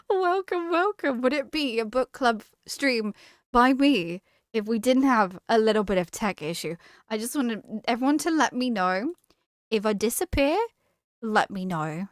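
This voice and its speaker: Giggly high-voiced woman streamer. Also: expressive, measured pace, dry recording, clean studio sound. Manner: giggly, chatty, reads and greets the chat. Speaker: streamer hosting a book club. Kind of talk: casual live-stream chat.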